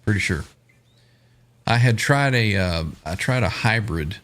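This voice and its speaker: Deep-voiced easygoing male stream host. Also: unhurried. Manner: relaxed, laughs often, talks through chords. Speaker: podcast host reading live chat. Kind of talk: casual guitar chat on a live stream.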